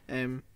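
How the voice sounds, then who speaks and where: A man co-hosting a podcast, chatting casually in a jokey, sweary way. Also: noisy background. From Britain. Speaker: podcast co-host. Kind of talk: casual chat.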